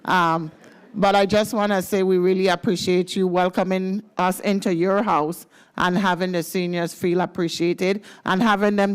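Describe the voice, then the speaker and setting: A woman's voice: medium pitch, clean tone. A woman with a Virgin Islands accent gives an upbeat, playful speech at a legislative ceremony and leads the crowd in chants. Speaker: government senior services official.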